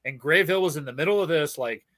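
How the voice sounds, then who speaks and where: Bright, profane man telling rambling stories. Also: a little high, quick pace. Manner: profane, rambling, laughing storyteller. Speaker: podcast host. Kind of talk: casual chat.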